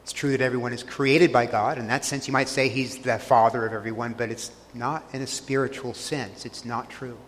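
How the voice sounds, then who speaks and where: A man's voice: mid-range voice, fairly even intonation, brisk, few pauses, big-room sound, slight background noise. A man preaching a sermon, earnestly retelling scripture scenes and pressing each point with emphasis. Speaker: pastor.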